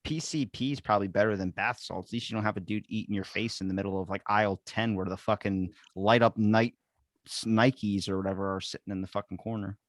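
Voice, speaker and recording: A man's voice: lowish voice, fairly even intonation, quick pace, dry recording, studio quality. A man chatting casually as a podcast guest, cracking jokes and swearing. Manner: wisecracking, profane. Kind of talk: casual chat.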